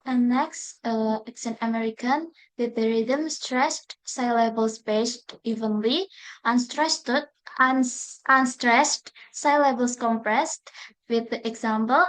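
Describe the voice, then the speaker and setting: A young woman, a student presenter, reading a class presentation in a careful, halting way with restarts. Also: a little high, poor audio.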